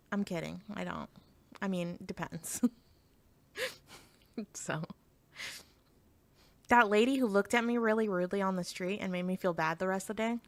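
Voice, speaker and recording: A woman's voice: on the low side, normal speed, vocal fry, pauses often. Chatty Canadian woman streaming casually. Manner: chatty, frank, swears freely; reads chat aloud and answers it. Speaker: VTuber streamer. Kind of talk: casual livestream chat.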